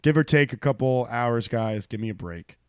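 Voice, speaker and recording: A man's voice: mid-range voice, moderate pace, smooth, no room sound, studio quality. A man co-hosting a casual comedy podcast, swearing and joking as he talks. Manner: animated, swearing, laughs a lot. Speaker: podcast co-host.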